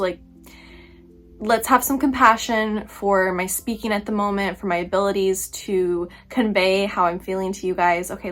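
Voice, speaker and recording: A young woman vlogging about a book she just read, talking casually with animated, exaggerated asides and frequent laughter. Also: medium pitch. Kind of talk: casual book review vlog.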